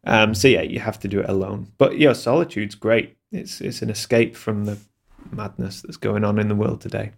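A man's voice: on the low side, steady tone, moderate pace, vocal fry. A man who works as a landscape photographer and video creator, talking in a casual interview in a hesitant, candid way with many restarts.

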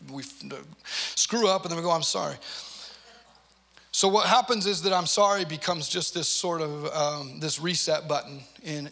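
A man in his forties preaching a sermon, telling stories with playful asides and lively, animated delivery. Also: a little high, vocal fry. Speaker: pastor.

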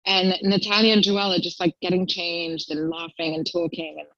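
A woman's voice: little pitch movement, a little fast, fairly bright tone, no room sound, muffled recording. A young woman in casual chat as a guest, telling stories and acting out quotes in a raised voice. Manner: chatty storyteller, acts out quotes in a high voice.

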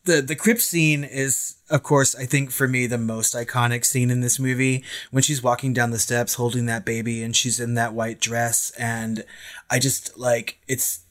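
A man's voice: medium pitch, level tone, moderate pace, a bit bright. A man co-hosting a podcast, chatting casually about a film, laughing easily and leaning on "I mean" and "like.". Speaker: podcast co-host.

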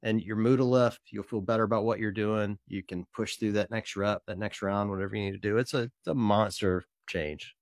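A man co-hosting a podcast who tells animated, self-deprecating stories in casual conversation. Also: fairly low pitch, brisk, hardly any pauses, dry recording, studio quality. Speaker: podcast co-host.

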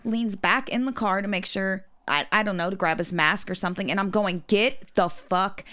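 A woman co-hosting a podcast, telling a story in a profane, animated, laughing way. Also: medium pitch, fairly quick. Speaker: podcast co-host. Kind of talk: casual chat.

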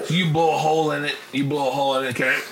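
A man narrating as game master in a casual, laughing way, with halting restarts. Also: a little high, little pitch movement, vocal fry. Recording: echoey room with loud noise.

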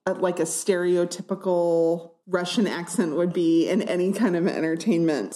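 A woman co-hosting a casual podcast chat, reading online reviews aloud and giggling through them. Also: medium pitch. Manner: giggly, animated storyteller. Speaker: podcast co-host.

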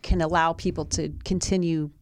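A woman's voice: low voice, little pitch movement, moderate pace. A woman in a talk show, telling a personal story in an earnest, reflective way with many restarts. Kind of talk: conversational storytelling.

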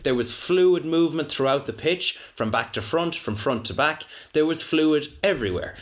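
Deadpan Irish man riffing on sport. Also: fairly high pitch, moderate pace. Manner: mock-serious, deadpan rambling. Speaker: podcast co-host. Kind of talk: comic sports podcast banter.

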